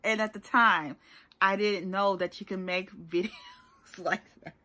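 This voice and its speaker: A woman's voice: mid-range voice, steady tone, measured pace, sharp tone. A young woman talking casually to her viewers in a rambling, chatty vlog. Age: young adult. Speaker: YouTuber.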